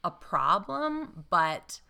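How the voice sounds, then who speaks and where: A woman's voice: on the low side, sing-song, drawn-out words, vocal fry, bright, forceful tone. A young woman from North Carolina co-hosting a podcast, chatting casually and rambling with lots of fillers and restarts. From Greensboro, North Carolina. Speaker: podcast co-host. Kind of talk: casual chat.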